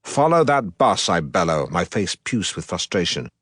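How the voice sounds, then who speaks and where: A pompous middle-aged broadcaster telling his own story in an audiobook, deadpan and self-important. The voice sits low. The sound is dry and close, with no room around it. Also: normal speed, dry recording, full character voice. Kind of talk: audiobook narration.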